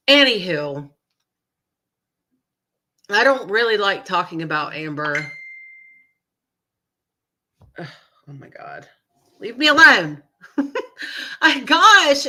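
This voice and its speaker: A woman's voice: lowish voice, bright, forceful tone. A woman live streamer with a nasal voice, getting over a cold, chatting in a gossipy, rambling way with apologetic asides. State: recovering from a cold, sniffly. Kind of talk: casual live-stream chat.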